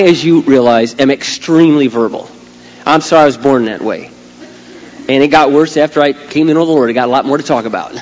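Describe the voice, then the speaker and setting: Animated pastor preaching in a reverberant hall. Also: male voice, a little high. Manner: animated, swinging from quiet asides to loud emphatic outbursts. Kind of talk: sermon. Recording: long hall reverb, faint hum.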